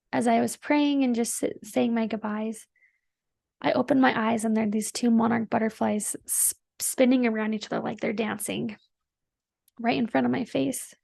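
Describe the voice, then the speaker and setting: A woman's voice: fairly high pitch, steady tone, normal speed, creaky, a little mellow, dry recording, clean studio sound. A woman hosting a podcast, telling a personal story in a chatty, earnest and emotional way, full of "like" fillers. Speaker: podcast host.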